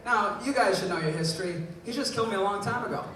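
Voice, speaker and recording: A man performing stand-up comedy on stage, telling his stories with acted-out quotes and laughing as he goes. His voice sounds distant and echoes heavily around a large room. Loud background noise runs under the whole live recording. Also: high voice, fast. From Bay Area, California. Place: large venue with a live audience.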